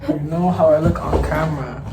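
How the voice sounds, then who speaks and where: A man's voice: fairly high pitch, recorded from a distance. Laid-back young man, echoey and off-mic. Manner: laid-back, quick to laugh. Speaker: boyfriend, prank target. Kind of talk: casual banter. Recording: echoey room voice from off-mic with music behind.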